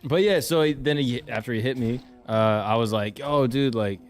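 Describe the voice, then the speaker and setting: A young man with an ordinary mid-range voice, relaxed and a little halting. He laughs easily and stumbles over his words as he tells his side of the story in casual chat. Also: mid-range voice, faint music behind. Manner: laid-back, laughs often, halting.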